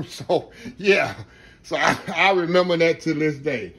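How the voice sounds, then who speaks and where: A man's voice: fairly high pitch, measured pace, a bit bright, breathy edge. A middle-aged man hosts a casual cooking demonstration, talking in a folksy, rambling way and calling viewers y'all. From Texas. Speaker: home cook host.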